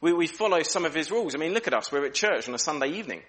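A man delivers a sermon in a fairly high voice. He acts out rhetorical questions with animated pitch swings, then drops low and quiet for serious points. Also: racing. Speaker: preacher.

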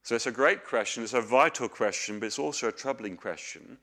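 A middle-aged man preaches a sermon in an earnest, questioning way. He asks questions and tells homely stories. His voice sits at an ordinary pitch for a man. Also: fairly quick, a bit bright.

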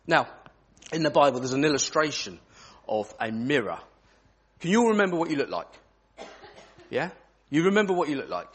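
A man speaks to a group of children in church, drawing them in with questions. His voice is a little husky and sits a touch high, swinging up and down with lively emphasis. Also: a little fast, pauses often. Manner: animated, asks children questions. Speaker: children's talk leader in church. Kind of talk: interactive children's talk.

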